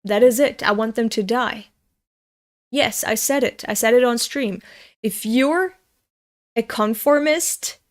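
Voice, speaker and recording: Slow-talking, profane woman streamer from Europe. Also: fairly high pitch. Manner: blunt, profane ranting. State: angry. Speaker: streamer reading a manga aloud. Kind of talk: live-stream reading with commentary.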